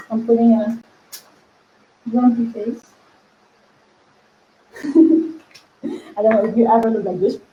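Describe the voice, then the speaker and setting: In a relaxed teaching video, a female spiritual coach addresses her viewers with lots of energy, laughing frequently and voicing different inner voices. Her pitch sits on the higher side, and the recording sounds roomy with the treble cut off.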